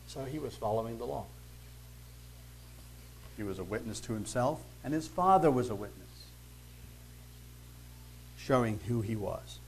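A man's voice: mid-range voice, animated, measured pace, vocal fry, long pauses, a little hiss or hum, low-quality recording. Male Bible teacher, mid-range voice, conversational and emphatic, fond of rhetorical questions. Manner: reads scripture, then comments conversationally.

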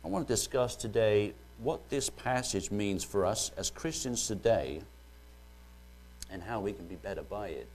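British man preaching a sermon, low voice. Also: lively intonation, moderate pace, a little mellow, a little hiss or hum. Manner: joking, then earnest Bible reading.

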